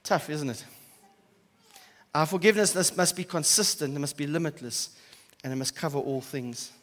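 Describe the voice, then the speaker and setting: A high-voiced pastor preaching his sermon, his voice rising to loud emphasis and then dropping to soft, quiet asides. The sound rings out with the long reverb of a church hall. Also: moderate pace.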